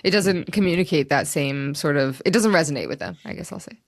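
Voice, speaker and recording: A woman's voice: low voice, brisk, dry recording, studio quality. Chatty woman with a New Jersey accent. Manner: chatty, laughs often, many fillers. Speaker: associate editor, co-host. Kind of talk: casual conversation.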